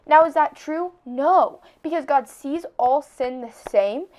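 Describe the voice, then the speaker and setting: Earnest chatty young woman, fairly high. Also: slow pace, darkish tone. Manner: chatty, earnest, heavy use of "like". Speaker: podcast host. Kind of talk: casual faith talk.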